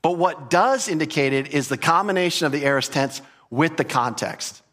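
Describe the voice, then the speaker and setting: A man's voice: a little high, expressive, normal speed, fairly bright tone. A man preaching an expository sermon, explaining Greek grammar and repeating key phrases for emphasis. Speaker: pastor.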